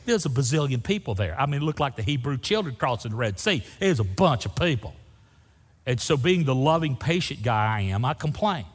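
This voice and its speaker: A man's voice: medium pitch, sing-song, fairly quick. A man preaching a sermon as pastor, folksy and humorous, saying "y'all" to his congregation. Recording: long hall reverb.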